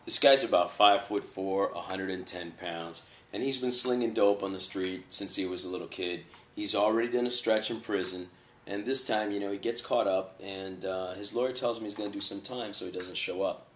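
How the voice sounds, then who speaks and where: Man telling a lively anecdote, echoey room. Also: low voice, normal speed, slight background noise. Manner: animated, acts out voices in quotes. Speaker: bail enforcement agent. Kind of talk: casual anecdote storytelling.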